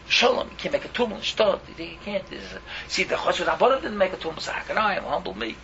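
Fiery preacher man, high and gravelly. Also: animated, fast, hardly any pauses, muffled recording, background noise. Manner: fiery, pleading, mixing Yiddish and Hebrew words into English. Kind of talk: impassioned sermon.

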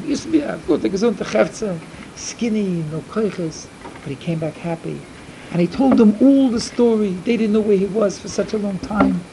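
A middle-aged man giving an emphatic storytelling sermon to a yeshiva, repeating his points and swinging from loud to hushed. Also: sits high, noisy background. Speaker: yeshiva speaker.

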